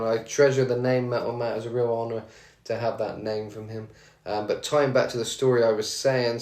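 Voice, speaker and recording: Rambling radio host, low and monotone, in a roomy room. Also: male voice. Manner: rambling, chatty, frequent fillers and restarts. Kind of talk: casual anecdotal storytelling. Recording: roomy echo.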